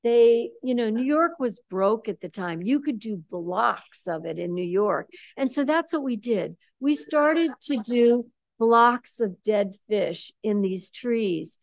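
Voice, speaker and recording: An older woman giving a lecture as a visiting artist, telling a story with animated, ironic emphasis. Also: a little high, takes it slowly, creaky, no echo. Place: lecture hall.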